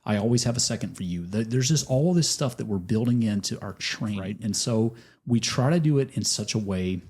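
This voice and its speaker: Husky man telling animated stories. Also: fairly low pitch, fairly quick. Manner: animated, slangy, acts out quoted dialogue. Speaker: guest, coffee company founder. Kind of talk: casual podcast storytelling.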